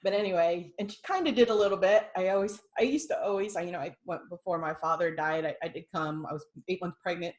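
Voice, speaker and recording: A middle-aged American woman sharing a heartfelt story on a podcast, with a voice that sits a little low for a woman. She talks earnestly, dropping soft for quiet moments and rising into laughing excitement. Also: fast, hardly any pauses, lo-fi sound. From United States. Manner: earnest, swings between hushed and laughing excitement. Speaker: podcast guest sharing a testimony. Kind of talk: emotional personal storytelling.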